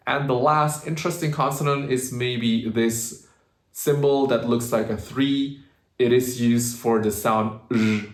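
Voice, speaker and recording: A man teaching pronunciation at a middle pitch. He slows down and exaggerates sounds to show them clearly. His voice rings in a roomy, echoey space. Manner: slow, exaggerated demonstration of sounds. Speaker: language teacher. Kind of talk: pronunciation lesson.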